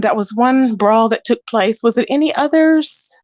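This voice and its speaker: High-voiced chatty woman on a livestream. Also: moderate pace, darkish tone, dry recording, muffled recording. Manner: chatty, greets viewers with pet names. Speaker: livestream host. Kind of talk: casual gossip livestream. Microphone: phone.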